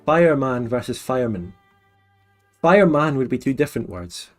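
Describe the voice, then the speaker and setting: A man's voice: medium pitch, very animated, normal speed, soft background music. Scottish man chatting on a stream. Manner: explains at length, playful and questioning. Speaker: streamer host. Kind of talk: casual chat.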